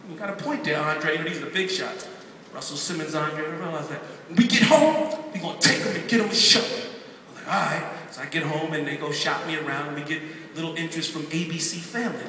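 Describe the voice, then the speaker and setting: A middle-aged man telling his life story from the pulpit, lively and acting out the voices of others. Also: fairly high pitch, distant mic, slight background noise. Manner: lively, animated, acts out quotes. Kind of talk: storytelling sermon. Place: large church hall. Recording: echoey church hall from afar.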